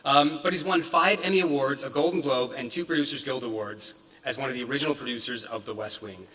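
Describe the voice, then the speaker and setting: A male event host reads out a speaker's introduction, pausing on fillers and tripping over a phrase or two. He sounds far from the mic, with long reverb from a large hall. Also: medium pitch, pushed and bright, slight background noise. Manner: reads from notes with fillers and stumbles. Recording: distant, echoey hall.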